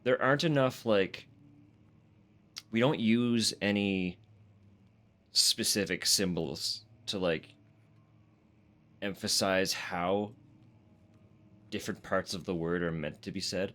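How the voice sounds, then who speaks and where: A man's voice: sits low, slow pace, long pauses, a bit bright. A Canadian man streaming a horror game live, reading in-game text aloud and chatting in a self-deprecating way, swearing and laughing often.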